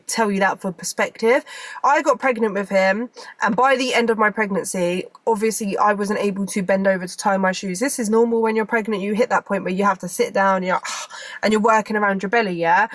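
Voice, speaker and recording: A woman's voice: medium pitch, fairly bright tone, no echo. A young woman, chatting casually to camera as a vlogger, rambling and repeating herself.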